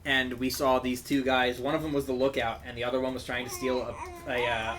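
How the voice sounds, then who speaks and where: Guy on a game stream telling a story all animated, mid-pitched voice, does loud impressions of people. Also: a little fast, a little hiss or hum. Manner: animated anecdote teller who acts out people loudly. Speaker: streamer co-host. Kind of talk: casual chat while streaming a game.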